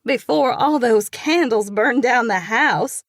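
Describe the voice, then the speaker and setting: A playful woman , as a narrator puts her on teases brightly at a birthday table, raised and lively against the narration. The sound stays dry and close. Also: fairly high pitch, measured pace, no echo, voice pushed up, exaggerated voice. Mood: teasing.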